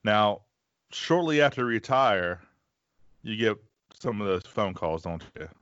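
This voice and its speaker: A man hosting a podcast, easygoing and gently prompting his guest with questions. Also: fairly low pitch, expressive, unhurried, no echo. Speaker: podcast host. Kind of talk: interview questions. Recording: dry, dull lo-fi recording.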